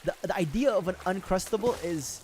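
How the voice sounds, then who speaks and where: A man's voice: sits high, brisk, darkish tone, slight background noise. A man from the Philippines chatting casually with viewers on a gaming livestream, laughing often and swearing freely as he rambles.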